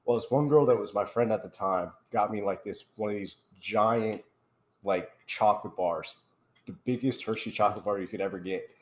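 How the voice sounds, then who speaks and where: Man, young adult, casual storytelling, animated, laughing. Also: fairly low pitch, normal speed. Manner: animated, laughs while telling stories. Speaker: podcast host.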